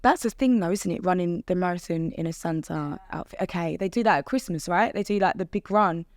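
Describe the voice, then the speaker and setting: Woman on a podcast, animated, laughs a lot, does little voices of herself, dry close sound. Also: fairly low pitch, fairly quick, no room sound. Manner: animated, laughs often, acts out her own past words. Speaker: podcast guest, fitness instructor. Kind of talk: casual interview chat.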